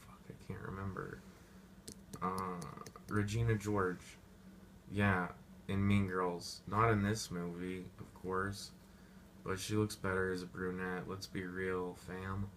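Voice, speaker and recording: A man's voice: sits low, little pitch movement, slow, a bit bright, slight background noise. A young man giving a rambling, profane casual movie review, full of slang and goofy asides.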